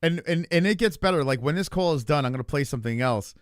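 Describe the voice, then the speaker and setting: A man's voice: fairly high pitch, lively intonation, fast talker, no room sound, clean studio sound. A man hosting a livestream, chatting casually and profanely as he reacts to clips. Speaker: stream host.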